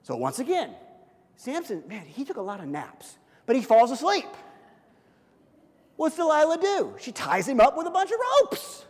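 A man's voice: very high-pitched, huge pitch swings, moderate pace, in a large hall. A middle-aged male pastor preaching a sermon in a conversational, self-deprecating storytelling manner.

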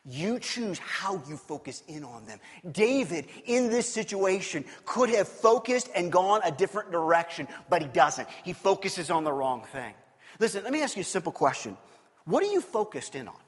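A middle-aged male pastor preaches with a high-pitched voice. He tells stories with lively swings between booming and hushed delivery. His voice carries a long reverb from a church hall. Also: normal speed, breathy edge. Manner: animated storytelling, swinging between loud and quiet. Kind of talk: sermon.

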